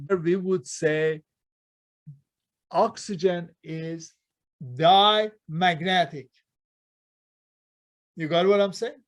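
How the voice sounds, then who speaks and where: A chemistry lecturer with a high-pitched, fairly bright voice teaches a class in a lecture hall, repeatedly putting rhetorical questions to his students. He speaks with non-native grammar, leaving out plurals and articles.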